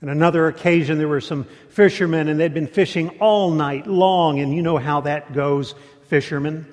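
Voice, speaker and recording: A man preaching a sermon, telling stories in an animated way and often repeating words. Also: on the high side, normal speed, big-room sound. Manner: animated storytelling with repetitions.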